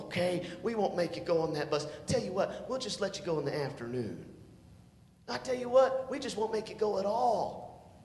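A preacher putting on a soft-hearted indulgent dad. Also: male voice, high-pitched, a little hiss or hum. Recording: echoey church hall with long reverb.

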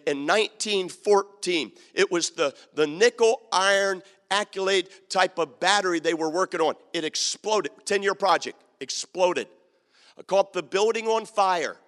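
A man's voice: high-pitched, a bit bright. A male pastor preaching a sermon, emphatic and repetitive, acting out the quotes in his story. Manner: emphatic, repeats key lines, acts out quotes. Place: church sanctuary. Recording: long hall reverb.

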